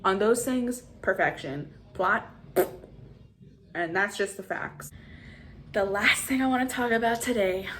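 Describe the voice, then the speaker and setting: A woman in her twenties giving a casual, animated movie review as a vlogger, ranting with exasperation. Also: mid-range voice, a little slow, pauses often, noisy background. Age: 20s.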